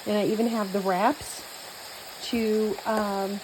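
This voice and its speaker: A woman's voice: mid-range voice, flat delivery, slow pace, a little hiss or hum, low-quality recording. A woman with a Southern US accent chatting casually while she cooks, rambling with many fillers and restarts. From born in New Mexico, raised mostly in Texas. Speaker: cooking vlogger. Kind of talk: casual chat while cooking.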